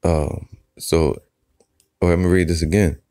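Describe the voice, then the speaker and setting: Very deep-voiced man teaching scripture. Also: steady tone, warm tone. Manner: reads scripture slowly, then comments loosely with "all right" and "man". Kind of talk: informal Bible teaching.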